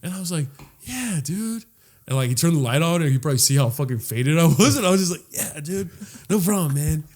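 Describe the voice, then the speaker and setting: A podcast co-host talks very fast with hardly any pauses, his slightly high, a little mellow voice full of lively intonation. His long story rambles casually, packed with cussing, "like"s, and restarts.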